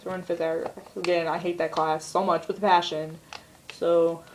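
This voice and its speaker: A teenage girl tells a rambling story to her camera at home and fills her sentences with "like". Her voice sits a little low for a girl. Faint noise hums in the background. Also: flat delivery, moderate pace, rough recording. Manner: chatty, rambling retelling full of "like". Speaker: vlogger. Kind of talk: casual storytelling vlog.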